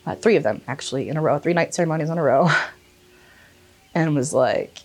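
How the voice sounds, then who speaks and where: Lively, chatty young woman storyteller. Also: a little fast. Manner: animated, swears freely, acts out quotes in a higher voice. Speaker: vlogger. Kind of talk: casual storytelling.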